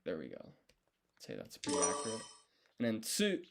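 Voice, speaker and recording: A man with a somewhat low voice talks through his study session on a live stream. He thinks aloud, pauses, second-guesses his answers and redoes them, all in a relaxed, casual manner. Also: heavy background noise.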